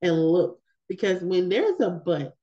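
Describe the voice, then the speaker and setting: A woman's voice: fairly low pitch, lively intonation, measured pace, mellow, dull audio. A woman leading a women's Bible study, reading scripture and talking it through in a conversational way with emphatic repetitions. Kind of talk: scripture reading with casual commentary.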